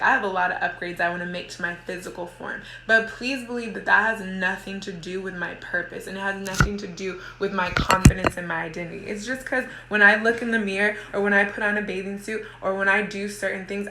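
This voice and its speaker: A woman's voice: mid-range voice, bright, forceful tone, roomy sound. A woman in her thirties, a mother who coaches a women's group, gives a casual motivational talk. She rambles with lots of "like" and restarts herself often. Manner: rambling, heavy use of "like", frequent restarts.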